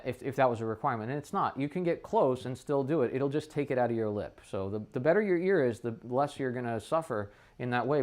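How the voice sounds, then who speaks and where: Smooth-voiced man explaining practice aloud. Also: mid-range voice. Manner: talks things through aloud, often checking in with "right?"; thinks aloud with frequent restarts. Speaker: trumpet teacher. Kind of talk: casual practice demonstration.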